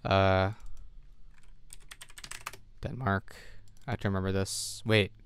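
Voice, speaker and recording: A man's voice: low-pitched, fairly even intonation, slow, slight background noise. A man streaming from home, thinking aloud as he plays, second-guessing himself and sounding tired. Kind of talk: casual live-stream commentary while gaming.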